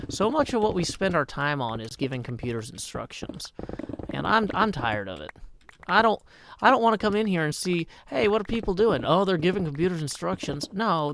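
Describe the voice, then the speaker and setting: A man in his thirties hosts a relaxed live game stream, chatting wryly and reading viewers' messages aloud. His fairly high voice has a gravelly fry. A faint hiss sits under the mic. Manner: chatty, wry, reads chat aloud, mutters to himself. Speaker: livestream host. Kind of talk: casual live-stream chat while gaming.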